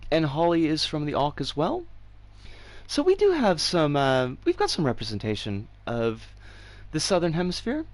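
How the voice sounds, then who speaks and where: An American woman in her forties chatting casually on a game stream, animated and giggly with sudden excited squeals. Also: low voice, normal speed. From United States. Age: 40s. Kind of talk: casual livestream chat while gaming. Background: game music.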